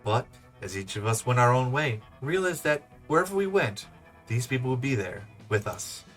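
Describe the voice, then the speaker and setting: A man's voice: medium pitch, sing-song, normal speed, fairly bright tone. A man hosting a casual let's play, chatting, laughing and reading the game text aloud. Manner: chatty, giggly, loose. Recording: off-mic with faint music.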